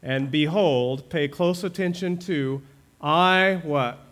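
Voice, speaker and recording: A man preaching a Sunday sermon from the pulpit. His voice sits a little higher than most men's, and he keeps asking the congregation questions. He builds into fervent, emphatic peaks. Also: slow pace, a bit bright. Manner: preaching with rising fervor, rhetorical questions to the congregation. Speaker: pastor.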